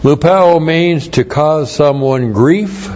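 Slow, deliberate male pastor teaching Greek. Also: a little high, a little mellow, highs cut off. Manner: explains Greek grammar, spelling words out, repeating phrases for emphasis. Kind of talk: verse-by-verse Bible teaching.

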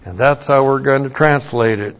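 A man teaching a verse-by-verse lecture on scripture, slow and methodical, spelling words out letter by letter, with blunt, emphatic asides. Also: medium pitch, lo-fi sound. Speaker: Bible teacher.

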